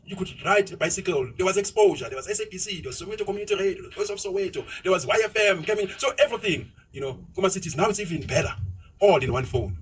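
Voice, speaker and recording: A man's voice: high voice, husky, far from the mic, rough recording. A South African man giving an opinionated monologue while driving, ranting and mixing in isiZulu phrases. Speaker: vlogger. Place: inside a moving car.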